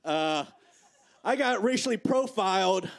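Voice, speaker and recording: A man in his forties with a high voice works a comedy club stage, chatting loosely and checking in with the crowd after nearly every line. He's from the Midwest and talks in a relaxed, conversational stand-up rhythm. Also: measured pace, creaky. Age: 40s. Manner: conversational, peppered with "right?" and "okay?" tags. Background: audience laughter.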